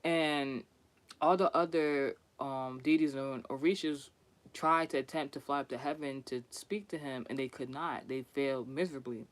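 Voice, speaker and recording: A man's voice: medium pitch, steady tone, normal speed. A man telling a story in a casual vlog, chatty and profane, laughing often and restarting his sentences. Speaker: vlogger.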